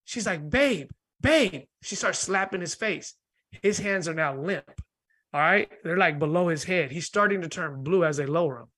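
Male guest, high bright voice, lively storyteller. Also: moderate pace, slightly rough. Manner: lively, laughs often, acts out voices. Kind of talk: animated storytelling in conversation.

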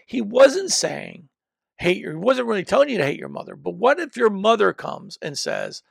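A man delivers a teaching sermon into a microphone in a high, heavily gravelly voice that swings up and down with animated pitch. He talks emphatically, circling back and restarting his phrases as he drives each point home. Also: moderate pace, no room sound, clean studio sound. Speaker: preacher and teacher.

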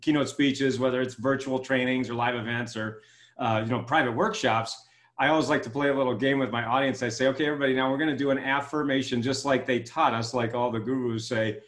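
A man appears as an interview guest; he is an author and keynote speaker who tells stories with real enthusiasm, acting out quoted lines with his pitch rising. His voice is steady, fast and fairly bright, in a reverberant space.

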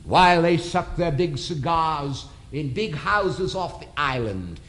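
A man's voice: a little high, expressive, takes it slowly, fairly bright tone. A man preaching a sermon in a church, building emphasis through repeated phrases. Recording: long hall reverb.

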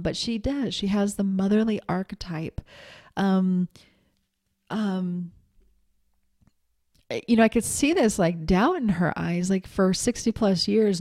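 A woman's voice: medium pitch, a little mellow. A middle-aged woman giving a candid, chatty self-help talk as a coach, with plenty of ums.

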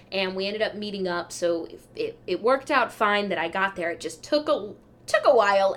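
A woman's voice: medium pitch, a little hiss or hum. A young adult woman hosting a podcast, telling travel mishaps in a chatty, wry, self-deprecating way. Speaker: podcast host. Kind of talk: casual travel storytelling.

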